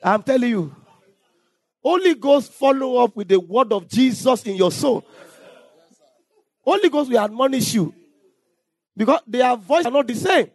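A man preaching a sermon as pastor, reading scripture aloud and at times shouting or singing out phrases. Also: very high voice, expressive, a little slow, long pauses, no echo.

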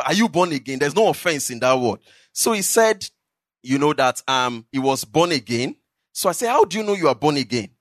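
A man with a Nigerian accent preaching in church, telling testimonies in a lively way with bursts of laughter. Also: sits high, no room sound, studio quality. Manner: animated storytelling with laughter. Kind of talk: sermon testimony.

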